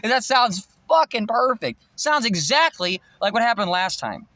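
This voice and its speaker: A man ranting to camera in a rambling, profane monologue, swinging between shouting and muttering. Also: sits high, sing-song, moderate pace, no echo. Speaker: vlogger.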